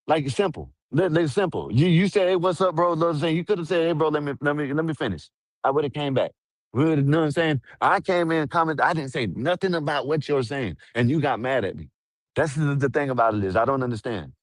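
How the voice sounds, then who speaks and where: A man's voice: a little high, animated, fast, no room sound. A man co-hosting a livestream who argues defensively, stammers, and keeps repeating himself. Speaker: co-host commentator. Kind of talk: heated argument on a livestream.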